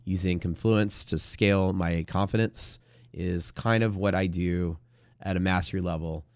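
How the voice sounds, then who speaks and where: Trader host, low voice, dry close sound, jokey, then pitches his classes. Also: steady tone, normal speed, a little mellow, smooth, dry recording. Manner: joking, laughs at his own jokes. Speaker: day trading stream host. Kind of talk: casual live-stream chat.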